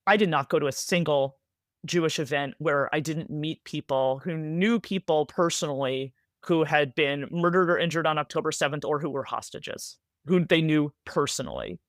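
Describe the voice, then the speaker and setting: Animated American woman author, dry sound. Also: deep voice, dry recording. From United States. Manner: animated, rapid, filler-heavy with frequent "like" and "right?". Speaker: author, guest. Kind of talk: conversational interview answers.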